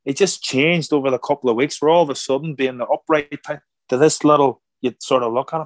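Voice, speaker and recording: A middle-aged man, a former boxer turned actor, telling stories in a casual interview, animated and acting out quoted voices. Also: medium pitch, fairly quick, no echo. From Ireland. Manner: animated, acts out quoted voices, repeats words. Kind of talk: casual conversational storytelling.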